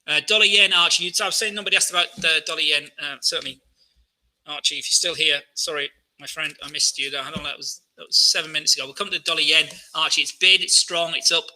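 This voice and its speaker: A man's voice: a little high, fairly even intonation, fast talker, pushed and bright, rough recording. A man hosting a live trading Q&A, talking through charts in a chatty way, full of fillers and questions to his viewers. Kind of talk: live-stream market commentary.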